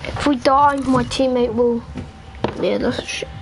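A high-pitched young woman talks her way through an online match with friends. She is chatty and excitable, often squealing, yet her pace is unhurried. Her voice comes through a noisy home gaming mic. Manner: excitable, chatty, yelps and squeals at game moments. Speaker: gamer streaming with friends. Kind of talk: casual gaming chat.

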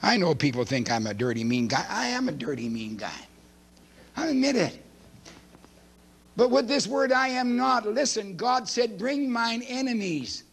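Here the sermon comes in a high-sitting, creaky, husky voice that stays animated. The man preaches emphatically, shifting between loud pronouncements and murmured asides, and races through scripture passages.

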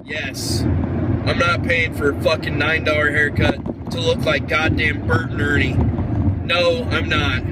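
A man vlogging a comedic meltdown, cursing constantly and swinging between shouting and sobbing. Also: on the high side, level tone, measured pace. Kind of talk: comedic rant vlog. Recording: loud background noise.

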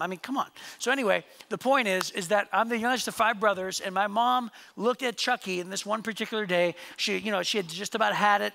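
A man's voice: high voice, creaky, sharp tone. A male pastor preaching a conversational sermon in a church, joking and asking the congregation questions. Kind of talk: sermon with storytelling. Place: church sanctuary.

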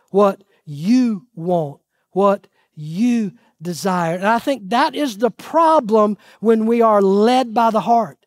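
A pastor in mid-sermon talks in a dry, close sound with no room echo. The delivery is earnest and conversational, with questions thrown to the congregation and then answered. Key points are pressed home with repeated pleading. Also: medium pitch. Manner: asks the audience questions and answers them.

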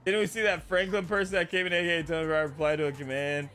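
A male game streamer chatting excitably with his viewers during a live roleplay stream, swearing freely. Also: fairly high pitch, quick pace, faint music behind.

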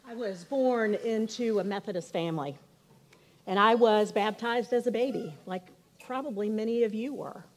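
A woman's voice: fairly high pitch, moderate pace. A woman sharing a reflective personal testimony during a church service.

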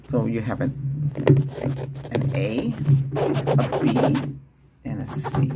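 A man whispers his way through a doctor role-play, chatting and rambling, laughing often as he shifts between whispering, a soft voice and his regular voice. His pitch is medium, with vocal fry.

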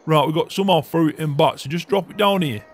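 A man's voice: fairly high pitch, fairly quick, lightly acted. A man playing blunt, swearing farm boss. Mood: teasing. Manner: swears constantly, blunt and teasing. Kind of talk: roleplay banter over a farming game.

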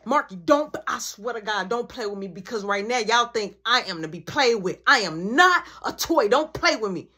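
A woman voicing a strict, angry mother who scolds her son in sharp, commanding bursts. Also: on the high side, animated, moderate pace, few pauses, husky, exaggerated voice. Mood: furious.

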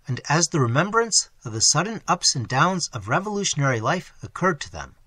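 A man narrating a classic novel aloud with an expressive, dramatic reading. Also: a little high, slightly rough, no room sound. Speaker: audiobook narrator. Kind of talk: scripted narration.

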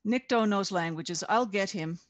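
A woman reading aloud voices a cruel male police sergeant who mocks others with slow, amused contempt. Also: medium pitch, no room sound, natural voice. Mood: sneering. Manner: sneering, amused, drawn out.

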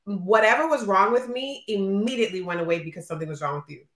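A postpartum podcast co-host chats casually about a friendship, candid and emotional, frequently performing what people said. Her voice is medium-pitched and fairly bright, she talks quickly, and the room echoes.

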